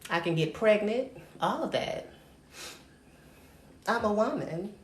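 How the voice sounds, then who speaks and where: Taking it slowly, a woman with a medium-pitched, expressive voice hosts her own livestream and launches into a brash, profane, sassy rant, calling all her viewers darling. There's a roomy echo and faint noise.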